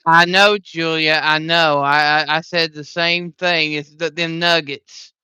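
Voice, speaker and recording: A man's voice: on the high side, fairly even intonation, a little slow, pushed and bright, smooth, no room sound. A man hosting a live football stream, calling plays and greeting listeners by name in an upbeat way. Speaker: host and play-by-play commentator. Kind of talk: live play-by-play commentary.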